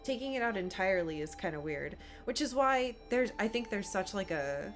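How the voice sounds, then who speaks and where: A woman's voice: mid-range voice, lively intonation, moderate pace. A young woman from Appalachia chatting while streaming a game, rambling with lots of fillers. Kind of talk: casual gameplay commentary. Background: faint game music.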